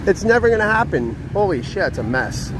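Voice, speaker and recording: A man's voice: high voice, very animated, brisk, heavy background noise. A young man live streaming outdoors, ranting in a profane, exasperated, repetitive way. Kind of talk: casual live stream talk.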